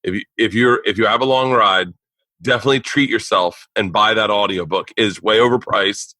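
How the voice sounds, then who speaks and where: A man's voice: lowish voice, brisk, no echo. A middle-aged man hosting a podcast, telling stories in casual chat, acting out the people he quotes and swearing freely. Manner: animated storyteller, acts out quotes, swears a lot. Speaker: podcast host. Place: living room of a house.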